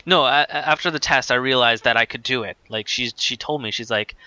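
Chatty man with a bright, dry voice. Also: medium pitch, brisk, few pauses, dry recording, muffled recording. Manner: rambling, filler-heavy with many "like"s. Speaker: guest telling his story. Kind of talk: casual conversational storytelling.

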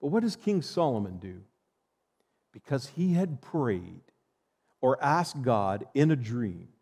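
A man's voice: mid-range voice, expressive, normal speed, darkish tone. A male pastor preaching a sermon, reading scripture and emphatically addressing the congregation, in a long church reverb.

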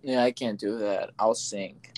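A man chatting casually on a podcast, dropping in quiet, short remarks. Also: fairly low pitch, steady tone, measured pace. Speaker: podcast co-host. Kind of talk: casual chat.

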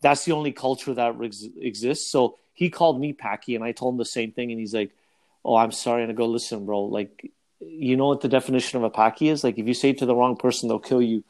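A man in casual podcast chat, joking and animated, often laughing. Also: medium pitch, fast. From North America.

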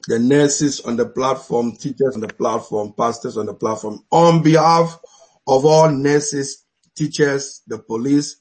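A man's voice: mid-range voice, measured pace, slightly rough, poor audio. A middle-aged man with an African accent, a bishop hosting an online church talk, laughing often and blessing his guests.

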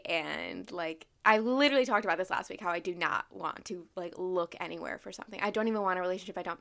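Bright-voiced young woman ranting casually. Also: lowish voice. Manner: candid, swears freely, self-mocking, lots of "like". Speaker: vlogger. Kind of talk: casual rambling monologue.

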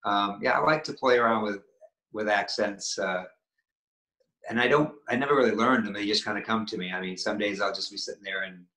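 Male actor from Maine, casual interview guest, rambling delivery, lowish pitch, echoey room. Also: bright, forceful tone. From Maine, New England. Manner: rambling, many restarts and fillers.

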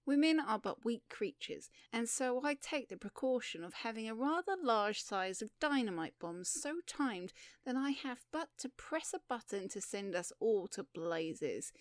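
A woman's voice: on the high side, no room sound, studio quality. A woman voicing a harsh, ruthless female captor in an audiobook, giving curt, commanding orders. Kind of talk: audiobook reading.

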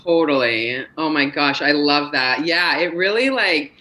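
A woman's voice: low voice, animated, measured pace, sharp tone, rough recording. A woman who is a podcast guest and mother, talking in a rambling, earnest way with many fillers. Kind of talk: casual podcast conversation.

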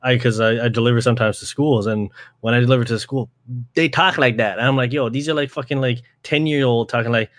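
A young man chats casually as a podcast host, rambling from point to point with lots of slang, swearing and "like". His voice is mid-pitched and sounds dry, close to the mic. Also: fast talker, fairly bright tone, no echo.

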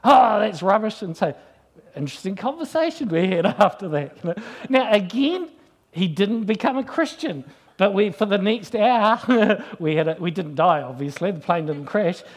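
A man's voice: high-pitched, expressive, moderate pace. A middle-aged man, giving a chatty sermon full of personal anecdotes and acted-out quotes. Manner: chatty, anecdotal storyteller acting out quoted voices. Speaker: Christian speaker. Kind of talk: conversational sermon with personal stories.

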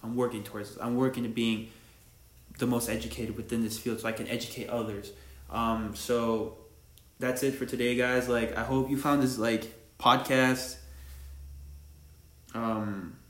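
A man's voice: medium pitch, level tone, measured pace, long pauses, fairly bright tone. A young man hosting his own podcast, rambling casually in slang and laughing at himself as he talks about barbering. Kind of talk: casual solo podcast monologue. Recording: echoey room.

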